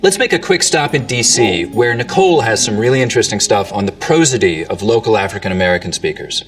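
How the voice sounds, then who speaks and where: A man presenting an educational tour of accents in scripted narration, pausing to demonstrate pronunciations. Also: on the low side, expressive, far from the mic, faint music behind. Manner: explanatory, demonstrates accent features.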